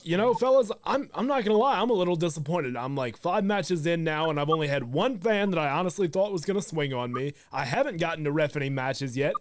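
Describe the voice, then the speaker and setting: A man's voice: fairly high pitch, animated, fast, few pauses. A man joking eagerly in casual chat about his first wrestling matches. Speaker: wrestler, podcast guest.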